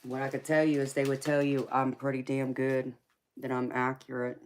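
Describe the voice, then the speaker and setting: A woman with a heavy Southern US drawl and a strikingly deep voice chats casually on her tarot live stream. She sounds folksy and easygoing and keeps calling her viewers sweetheart and honey. There is a faint hiss behind her. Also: level tone, moderate pace, a little mellow. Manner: folksy, calls listeners baby, sweetheart and honey.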